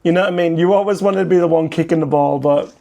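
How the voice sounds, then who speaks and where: A man's voice: fairly high pitch, fast, creaky, warm tone. A young man from England with a British accent, chatting casually and jokingly as he reacts to a documentary and explains slang for viewers abroad. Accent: British English. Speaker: YouTube commentator.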